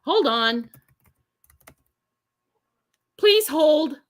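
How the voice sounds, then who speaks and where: A woman's voice: high-pitched, lively intonation, slow. A woman chatting casually, teasing and joking with her co-host. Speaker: podcast co-host. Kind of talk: casual chat.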